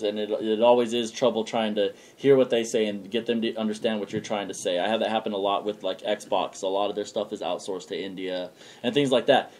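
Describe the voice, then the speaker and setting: A man co-hosting a casual podcast, telling stories with lots of energy. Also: on the low side. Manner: animated storyteller, acts out voices in retellings. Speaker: podcast co-host. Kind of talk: casual chat.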